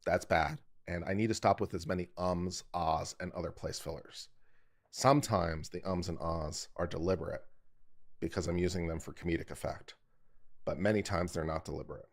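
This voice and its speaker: A man with a very low voice talks through legal points on his live stream. He explains carefully and often stops to critique his own delivery in a loose, chatty way. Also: fairly even intonation, normal speed. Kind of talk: casual live-stream commentary.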